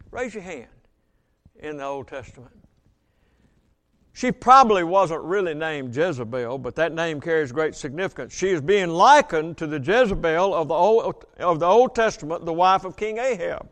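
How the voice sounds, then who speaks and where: High-voiced preacher slowing for emphasis. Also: male voice, fairly bright tone. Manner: reads scripture aloud, slows for emphasis, asks congregation questions. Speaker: Baptist pastor. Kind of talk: sermon.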